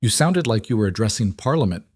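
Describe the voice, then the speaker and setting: A man reading a story aloud, voicing a poor young seamstress who talks in a brisk, practical, teasing way, close on a dry mic. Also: fairly low pitch, expressive, breathy edge, no room sound. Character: young woman, poor brave quick-witted seamstress.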